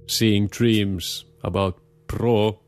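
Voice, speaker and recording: A young man with a Scandinavian accent, talking in a casual, rambling way and pausing often on filler sounds. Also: on the low side, steady tone, noisy background. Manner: hesitant, many filler pauses. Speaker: show host. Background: guitar music.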